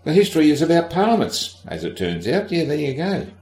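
A man's voice: a little high, sing-song, fairly quick, a little mellow, echoey room. A man hosting a casual history podcast, sardonic and irreverent, swearing freely and talking straight to the listener. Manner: addresses the listener directly. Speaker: podcast host.

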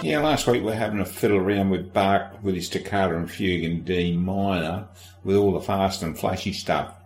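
Low-voiced, irreverent male podcast host. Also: normal speed, echoey room, music in the background. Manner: irreverent, sardonic, swears casually; addresses the listener directly. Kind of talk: casual history podcast narration.

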